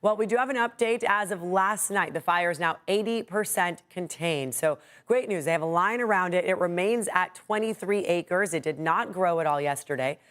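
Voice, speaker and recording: A female news anchor with an American accent, reading morning stories in a brisk, upbeat way. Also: lowish voice, fairly bright tone. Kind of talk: news reading and light chat.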